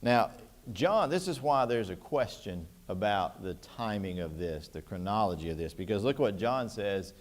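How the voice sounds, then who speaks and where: A man's voice: on the low side, expressive, moderate pace. A man teaching a church Bible class, talking through scripture in a conversational way and putting questions to the class.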